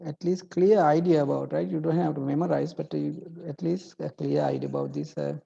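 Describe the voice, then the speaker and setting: Lecturer, online class; heavy gravelly fry, very dark tone, halting delivery full of fillers and "right?" check-ins, dull lo-fi audio. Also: medium pitch, lively intonation. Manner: halting, many fillers and restarts, checks in with 'right?'. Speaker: university lecturer.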